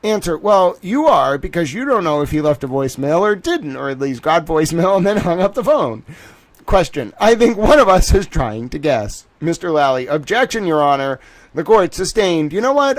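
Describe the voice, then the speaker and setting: The livestream host goes through the court transcript at normal speed in a fairly high, expressive voice. He often breaks off laughing, reacting with amused disbelief.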